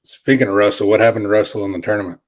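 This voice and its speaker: A man with a fairly low voice chats casually with a friend. He speaks in relaxed short replies and asks easygoing questions. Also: very fast. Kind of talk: casual chat.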